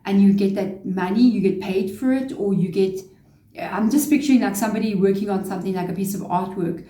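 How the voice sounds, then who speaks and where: A woman's voice: medium pitch, fairly quick, warm tone, echoey room. A woman giving a casual tarot reading to camera, chatty and relaying spirit messages. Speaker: tarot reader.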